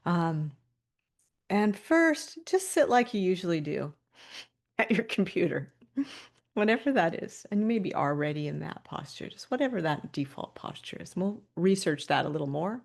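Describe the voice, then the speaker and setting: A woman leads a guided body-awareness session over a video call, her voice sitting low with a gravelly, fry-edged texture. She talks in a calm, inviting way and laughs lightly between her cues. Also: moderate pace. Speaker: webinar presenter.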